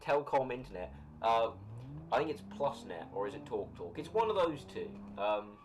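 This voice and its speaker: A young British man rambles through a live gaming stream, answering chat with an animated pitch that swings up and down. His talk is loose and friendly, and he laughs easily. Steady background noise runs under his voice. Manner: rambling, chatty, reads and answers chat comments, quick to laugh. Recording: noisy home recording.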